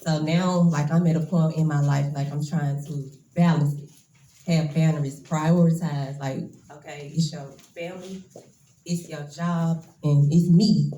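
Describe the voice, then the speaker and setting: Nervous woman in her 20s talking at a shop event, low mellow voice, roomy echo. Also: steady tone, measured pace. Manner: nervous, emotional, casual. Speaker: braider speaking at an event. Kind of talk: nervous personal speech.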